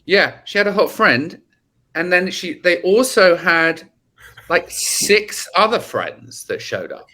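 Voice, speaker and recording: A man's voice: sits high, takes it slowly. A man with children, a podcast guest, telling a story in casual chat with lots of swearing and acted-out quotes. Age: adult, has children. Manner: animated, swearing, acts out quotes.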